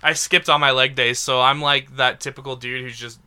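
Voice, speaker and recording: A young man co-hosting a podcast with friends, joking crudely at his own expense. His voice is very bright and sharp-edged. He keeps a relaxed, bantering tone. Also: mid-range voice, brisk, clean tone. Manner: self-mocking, crude jokes. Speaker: podcast co-host. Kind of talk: casual podcast chat.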